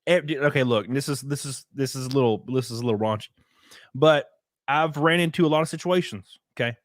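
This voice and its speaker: A man's voice: mid-range voice, fairly quick, no echo, clean studio sound. A man hosting a podcast, chatting in a rambling, crude way and laughing easily. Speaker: podcast host. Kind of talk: raunchy casual chat.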